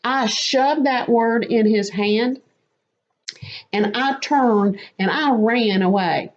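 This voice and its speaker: A woman telling a lively, self-mocking personal faith story as a testimony. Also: on the high side. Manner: animated, quick and self-mocking. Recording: slightly muffled lo-fi audio.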